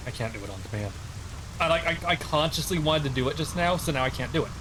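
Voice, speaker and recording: Rambling man streamer, fairly high voice. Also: expressive, fast, noisy background. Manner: rambling, heavy use of "like" fillers. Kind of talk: casual gameplay commentary.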